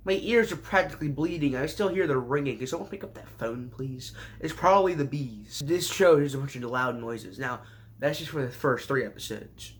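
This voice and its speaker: A man's voice: on the high side, a bit bright. A man casually recapping a show with sarcastic, rambling asides and mock surprise. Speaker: show reviewer.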